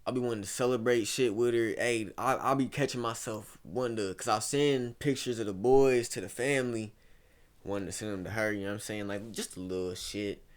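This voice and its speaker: Low-ish and brisk, the voice belongs to a man in his twenties from Ohio, USA. As a guest in a casual interview, he rambles from story to story and keeps saying "bro."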